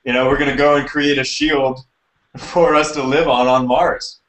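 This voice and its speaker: A man's voice: mid-range voice, level tone, normal speed, fairly bright tone, echoey room, rough recording. A young man co-hosting a podcast in laid-back casual chat, often laughing. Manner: laid-back, laughing, says dude a lot. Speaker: podcast co-host.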